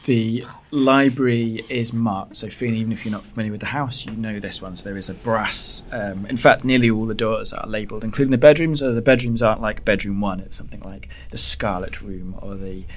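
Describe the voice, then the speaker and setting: A man's voice: on the low side, brisk, hardly any pauses, a little hiss or hum. Hesitant man narrating a tabletop horror game. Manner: hesitant, filler-heavy narration. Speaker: game master.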